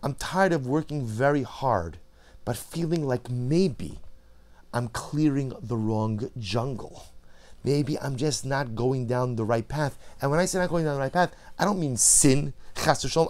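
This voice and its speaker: A man teaching a Torah class, moving from quiet reflection to loud emphatic repetition. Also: medium pitch, normal speed.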